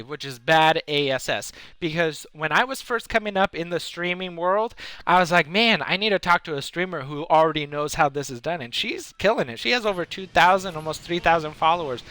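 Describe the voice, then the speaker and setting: A man's voice: high voice, pushed and bright, dry recording. A man live-streaming a game, telling a playful tall tale with sound effects and chatting with viewers. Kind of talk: live-stream storytelling and chat.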